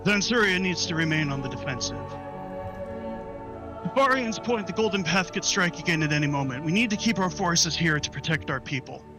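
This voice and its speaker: A man's voice: a little high, lively intonation, brisk, music in the background, natural voice. A man voicing a stern, commanding male lion-folk leader in a tabletop game.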